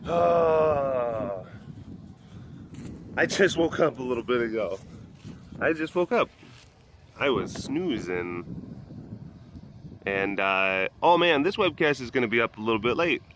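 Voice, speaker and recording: A man's voice: mid-range voice, animated, slow, pauses often, background noise. A man from Wisconsin hosting a casual webcast outdoors at an animal compound, talking into a handheld phone in a rambling way that repeats itself. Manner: rambling, repeats himself, coos baby talk at the cats. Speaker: vlog host at a big cat sanctuary.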